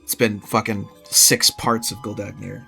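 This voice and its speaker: A man's voice: fairly low pitch, level tone, measured pace, gravelly, bright, forceful tone, faint music behind. A man running a tabletop game as game master, casual and laughing. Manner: casual, laughing, loose narration.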